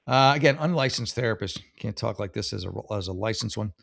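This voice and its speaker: A man's voice: fairly low pitch, lively intonation, fairly quick, creaky, fairly bright tone. A man hosting a show, giving blunt, sarcastic advice in rambling casual commentary on posts he reads out. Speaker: host giving mock advice.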